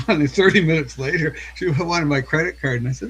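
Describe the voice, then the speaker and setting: A man with a somewhat high voice recounts a phone call at length in a relaxed chat. He chuckles as he goes. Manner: chuckling, drawn-out storytelling. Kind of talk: casual chat.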